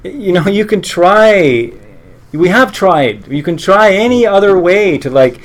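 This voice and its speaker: A man's voice: high-pitched, lively intonation, a little slow. A man teaching a live meditation class in an earnest, conversational way, breaking off and restarting his sentences and adding joking asides. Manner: conversational, earnest, self-interrupting.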